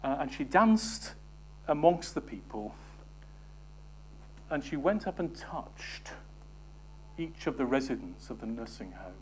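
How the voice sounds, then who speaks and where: A man delivering a sermon in a middle-pitched voice, rising to stress scripture and then dropping to near-whispers. He keeps turning to the listeners with questions. A faint hum of noise sits behind him. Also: sing-song, unhurried, pauses often. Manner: swings from emphatic scripture reading to soft, near-whispered asides; engages the congregation with questions. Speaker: preacher.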